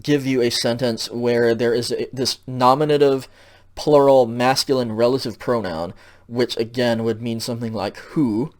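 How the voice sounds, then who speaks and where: A man giving a recorded lecture over slides, patient and explanatory, checking in often and filling pauses with ums. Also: medium pitch, fairly even intonation. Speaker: teacher.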